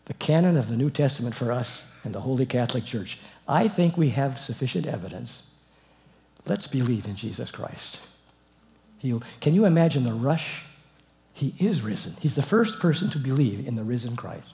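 A man preaching an expository sermon, telling the story with animated asides and chuckles. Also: mid-range voice, normal speed.

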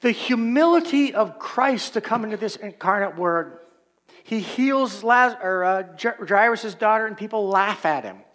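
A man's voice: high voice, expressive, moderate pace, fairly bright tone. A male pastor preaching an expository sermon in a conversational, reflective manner.

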